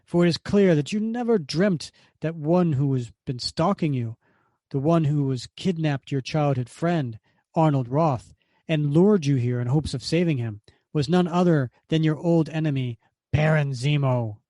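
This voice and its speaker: A man's voice: fairly high pitch, normal speed, warm tone, no room sound, clean studio sound, close to an everyday voice. A man reading aloud as a proud, vengeful male villain baron, declaiming with menace. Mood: menacing.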